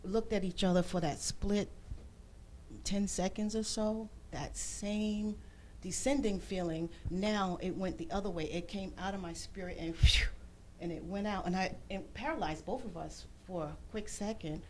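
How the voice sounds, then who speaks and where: Animated woman telling a personal story. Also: mid-range voice, normal speed, a little hiss or hum. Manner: animated storyteller, acts out quoted voices; churchy phrasing. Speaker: talk show guest. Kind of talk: personal testimony.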